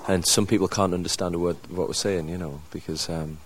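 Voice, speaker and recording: Very deep-voiced northeast English man. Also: fairly even intonation, slight background noise. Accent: Mackem, northeast English. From northeast England. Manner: halting, anecdotal, with fillers. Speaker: band member. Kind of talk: casual interview chat.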